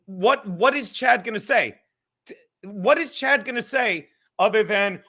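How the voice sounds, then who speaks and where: Male stream host, high bright voice, profane and rambling. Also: expressive, a little slow. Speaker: livestream host. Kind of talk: livestream chat.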